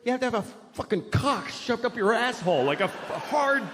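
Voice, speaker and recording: Man in a high, strained whimper. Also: animated, a little fast, fairly bright tone, in a large hall.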